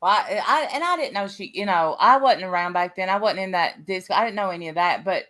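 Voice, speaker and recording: A woman's voice: medium pitch, animated, brisk, fairly bright tone. Southern-accented woman from Tennessee, blunt casual co-host talk. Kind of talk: casual chat.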